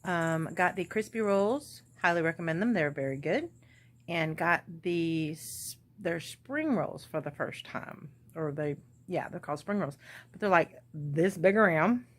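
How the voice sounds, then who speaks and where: A woman in her forties with a relaxed Southern US accent chats to the camera from her home, recorded on a tablet. Her voice sits a little low, and she wanders from topic to topic with easy fillers and restarts. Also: a little slow. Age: 40s. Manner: chatty, rambling, with fillers. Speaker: crafting vlogger. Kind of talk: casual vlog chat. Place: at home, indoors. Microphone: tablet or phone camera.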